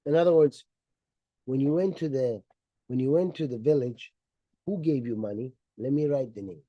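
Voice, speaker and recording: A man's voice: mid-range voice, normal speed, warm tone, dry recording, highs cut off. A man giving a sarcastic, mocking commentary on religious history, retelling it theatrically and acting out the people in it. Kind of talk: mocking lecture-style commentary.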